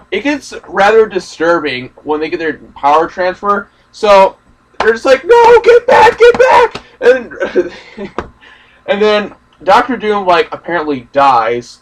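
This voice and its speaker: A man's voice: a little high, lively intonation, moderate pace, fairly bright tone, far from the mic, a little hiss or hum, low-quality recording. A young man ranting in a casual, profane, rambling way about a film he just saw. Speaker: movie reaction host. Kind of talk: casual ranting movie discussion.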